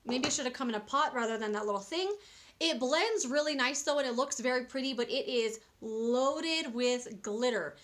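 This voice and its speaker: A young adult woman giving a casual, rambling makeup review to camera, excited and correcting herself as she goes. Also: high-pitched, moderate pace. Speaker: beauty vlogger.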